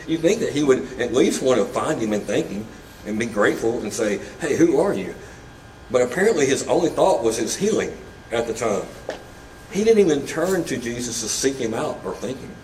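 A pastor preaches conversationally in a church sanctuary, mixing in casual asides and humor. His medium-pitched, slightly mellow voice is picked up by a distant mic in an echoey room, with slight background noise.

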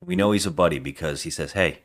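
A man co-hosting a casual podcast, retelling a movie scene by scene with sarcastic, animated commentary. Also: rumbling low, quick pace. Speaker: podcast co-host. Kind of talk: casual movie review chat.

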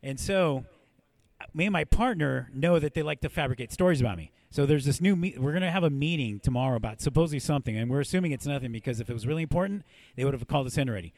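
A man's voice: medium pitch, expressive, rapid-fire, darkish tone, no room sound. A man hosting a podcast, telling rambling, profane stories in casual chat. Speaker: podcast host.

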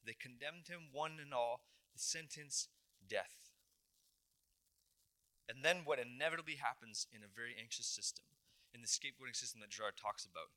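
Bright-voiced man preaching a sermon. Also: mid-range voice. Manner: dramatic retelling with acted quotes, emphatic repetitions. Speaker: pastor.

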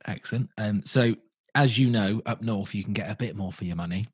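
A man's voice: on the low side, a little fast, slightly rough, no echo. A man with a southern English accent co-hosting a podcast, chatting casually and teasing, with lots of hesitant fillers. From southern England. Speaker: podcast co-host. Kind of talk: casual chat.

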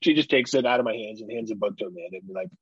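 A man in his thirties co-hosting a casual podcast, animated, laughing often and swearing freely. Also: fairly low pitch, very fast, breathy edge, no echo. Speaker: podcast co-host. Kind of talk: casual chat. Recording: dull, muffled close mic.

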